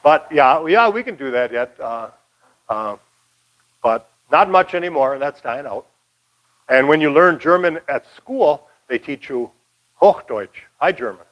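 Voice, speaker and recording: A man's voice: mid-range voice, highs cut off. An older man from Michigan giving a casual, rambling local history talk, folksy with many fillers. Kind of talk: casual lecture.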